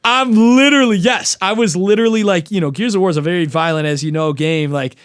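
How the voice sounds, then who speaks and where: A young adult man, a podcast guest, telling a long story in casual, profane and animated fashion. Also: high-pitched, quick pace, clean tone.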